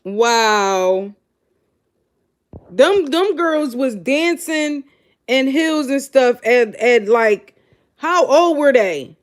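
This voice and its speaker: A woman hosting a show, giving blunt, animated, incredulous reaction commentary straight to her audience. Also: high voice, takes it slowly. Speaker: show host. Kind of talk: casual live reaction commentary.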